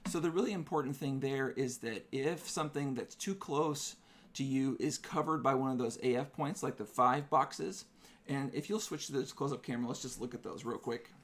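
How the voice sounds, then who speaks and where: A man's voice: mid-range voice, moderate pace. Chatty man explaining camera settings. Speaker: photographer hosting a live stream. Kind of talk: live-stream tutorial talk.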